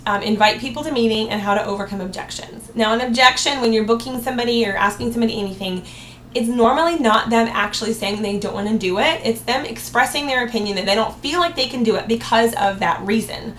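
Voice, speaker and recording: A woman with a fairly high voice gives a sales training talk in an upbeat tone. She acts out cheerful sample replies to customers. The room is echoey, with a faint hiss behind her. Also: fast, fairly bright tone.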